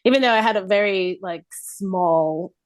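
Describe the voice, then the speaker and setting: An Australian woman, a guest performer, chatting in a lively way and laughing often, speaking over a laptop call. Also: medium pitch, measured pace, no room sound. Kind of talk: casual interview chat.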